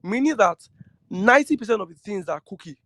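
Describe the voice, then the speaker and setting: A man's voice: high-pitched, expressive, brisk, a bit bright, dry recording. A man giving an earnest lecture on trading psychology, often repeating himself and asking listeners questions. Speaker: trading teacher. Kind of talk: lecture-style talk to trading students.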